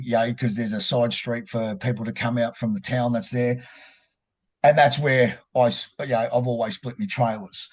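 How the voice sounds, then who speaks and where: A man with an Australian accent telling a personal story in a halting, rambling way, swearing freely. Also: mid-range voice. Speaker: podcast guest.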